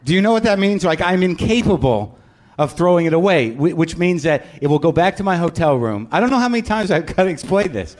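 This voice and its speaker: This host speaks briskly and animatedly, his fairly high voice a little mellow. Performing a live stand-up podcast monologue for an audience, he rants with plenty of profanity and pokes fun at himself.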